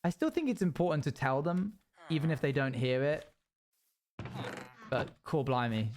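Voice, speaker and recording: This young man speaks with a slightly high voice, rambling through a childhood story while he plays a game. He breaks into silly zooming sound effects as he goes. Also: lively intonation, normal speed, darkish tone, slight background noise. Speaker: streamer. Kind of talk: casual storytelling while gaming.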